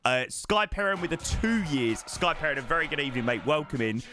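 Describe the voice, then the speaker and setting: A man's voice: on the high side, lively intonation, a little fast, music in the background. A man chatting casually on a live stream, thanking subscribers one by one and swearing now and then. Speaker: flight sim streamer.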